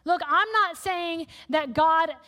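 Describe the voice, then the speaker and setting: A woman preacher giving a sermon in a candid, conversational, animated way. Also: extremely high pitch, slow pace. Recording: echoey hall with long reverb.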